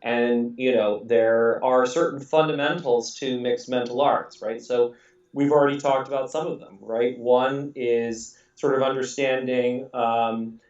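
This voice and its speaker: A man's voice: mid-range voice, fairly even intonation, unhurried, a little mellow. A man raised in England rambles through a casual podcast chat, full of fillers and restarts. He sits away from the mic in a roomy, echoing space, and the sound is a little dull. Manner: rambling, many fillers and restarts, laughs often. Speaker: podcast host. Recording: echoey room, distant mic, dull audio.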